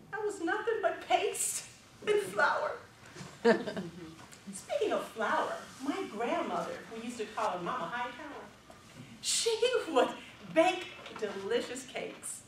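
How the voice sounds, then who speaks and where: Middle-aged woman, speech contest speaker with an animated voice, heard from a distance in a hall. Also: sits high, slight background noise. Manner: expressive storytelling with dramatic pauses. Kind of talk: prepared public speech. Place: stage in a large hall.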